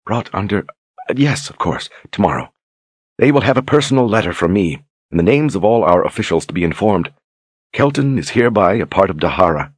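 A seductive duchess who purrs her words in a soft, husky half-whisper, slow and coy, as a man voices her in an audiobook. The voice stays breathy and intimate. It sounds close and dry. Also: lively intonation, no echo. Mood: eager. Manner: low murmuring, coy and slow. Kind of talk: audiobook character reading.

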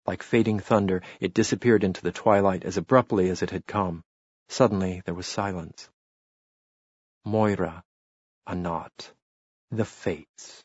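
A man narrating a novel in a measured, steady reading. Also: deep voice, husky, dry recording, dull audio. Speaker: audiobook narrator. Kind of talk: scripted narration.

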